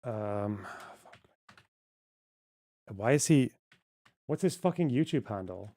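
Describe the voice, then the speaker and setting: A man's voice: on the low side, expressive, takes it slowly, warm tone, no room sound. Sweary streamer in his thirties. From Britain. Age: 30s. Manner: blunt, sweary and offhand. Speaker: livestream host. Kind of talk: casual live-stream chat.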